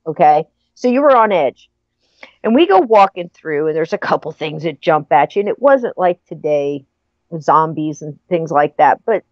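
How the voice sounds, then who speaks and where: A woman's voice: mid-range voice, no room sound. A middle-aged woman in casual chat, animatedly telling a story with frequent laughter. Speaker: podcast guest. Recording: dry, muffled lo-fi audio.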